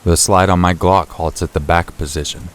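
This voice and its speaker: A man narrating a true scary story in the first person, in a steady, low-key storytelling voice. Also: normal speed, a little hiss or hum. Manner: steady, low-key storytelling, rising sharply for shouted quotes. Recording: faint rain and thunder behind.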